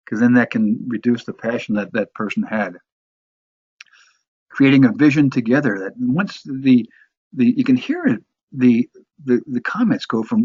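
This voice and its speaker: Man, course instructor, conversational teaching, husky voice, dry close sound. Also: mid-range voice, animated, moderate pace, no echo, highs cut off. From New York area. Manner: conversational, frequent restarts and repeated words. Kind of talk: instructional talk on sales presentations.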